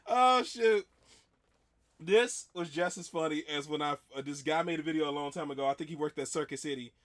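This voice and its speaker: A man's voice: a little high, flat delivery, quick pace, a bit bright. A man hosting a reaction video, talking in a rambling, chatty way full of restarts. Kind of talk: casual reaction commentary.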